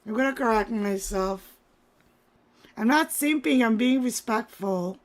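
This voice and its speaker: A woman livestreamer talking to her chat, urging calm and then apologizing. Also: fairly high pitch, measured pace. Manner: pleading, then apologetic and backpedaling.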